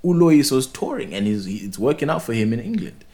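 A young man co-hosting a podcast, chatting in an animated, opinionated way with many restarts. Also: mid-range voice, a little fast. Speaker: podcast co-host. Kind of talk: casual podcast chat.

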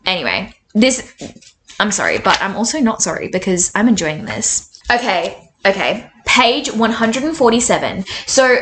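A woman's voice: mid-range voice, normal speed, slight background noise. Woman, twenties, casual book chat, incredulous, rambling, echoey room. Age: 20s. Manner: animated, incredulous, rambling with many fillers. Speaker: book reviewer. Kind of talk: casual chat reading aloud from a novel. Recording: roomy echo.

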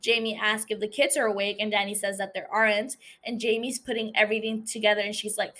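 A woman casually recapping a TV episode for a podcast, chatty and quick to laugh, with lots of fillers. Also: mid-range voice, flat delivery, a bit bright. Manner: chatty, giggly, filler-heavy storytelling. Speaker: podcast host recapping a series.

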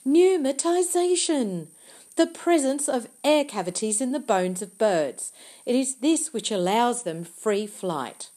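A woman's voice: fairly high pitch, animated, a little slow, darkish tone, pitched above the performer's own voice. A woman voicing an earnest, eager young girl. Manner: intense, insistent explaining. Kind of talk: audiobook character voice.

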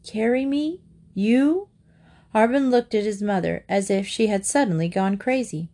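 Female storybook narrator, clear and steady, mid-pitched. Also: brisk. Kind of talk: reading a children's storybook aloud.

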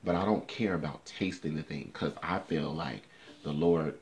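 A man's voice: a bass voice, normal speed, darkish tone. A man hosting a casual livestream, sassy and swearing freely as he talks straight to his viewers. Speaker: livestream host. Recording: faint music in the background. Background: faint music.

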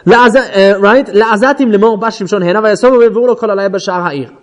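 A man with a fairly high voice teaches an informal Bible class. He retells the story with lively energy, reads out Hebrew verses and then paraphrases them in plain English. He keeps checking in with his listeners with a quick "right?".

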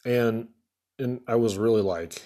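A man's voice: medium pitch, measured pace, warm tone. A man, a remodeling contractor, telling a rambling, exasperated story about a bad client job, with lots of fillers. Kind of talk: casual storytelling rant.

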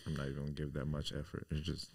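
A man's voice: extremely low pitch, monotone, very fast, creaky, background noise. A man, a podcast guest in casual chat, wry and teasing.

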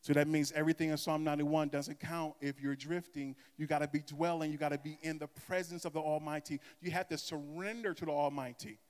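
A man's voice: a little high, level tone, a little fast, hardly any pauses. A male pastor preaching a sermon in an impassioned, emphatic way. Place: church sanctuary. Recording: echoey church hall.

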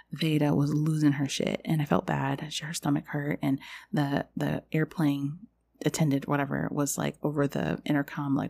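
Podcast host: young woman, low gravelly voice, loose confessional rambling. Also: a little mellow. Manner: rambling, confessional, heavy use of "like". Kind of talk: casual spiritual podcast monologue.

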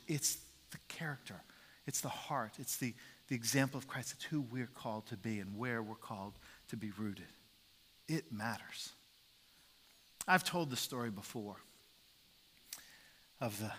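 Male pastor, sermon, emphatic and bright-toned, echoing hall. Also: medium pitch. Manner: emphatic, repeats key phrases, some restarts.

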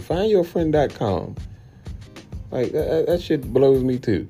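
A young man, hosting a podcast and ranting bluntly and profanely, often jumping into high incredulous tones. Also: lively intonation, moderate pace, mellow, soft background music. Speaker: podcast host. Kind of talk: casual podcast rant.

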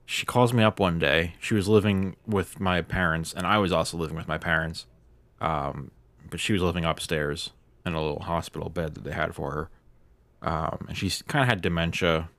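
A young man tells a story in a relaxed, rambling way, often amused. His voice sits very low. The sound is dry and close. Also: moderate pace, no room sound. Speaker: storyteller in a casual chat. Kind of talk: casual chat.

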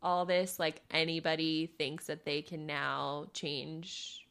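A woman's voice: low voice, little pitch movement, slow, gravelly, fairly bright tone, smooth. A young woman co-hosting a casual political chat podcast, with a dry, sarcastic sense of humor.

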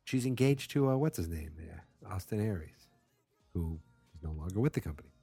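A man with a low, mellow voice talks through a casual podcast, rambling and tired, dropping sarcastic, self-mocking asides. The sound is close and dry, with no room around it. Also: animated, a little fast, slightly rough, no room sound, soft background music. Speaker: podcast host.

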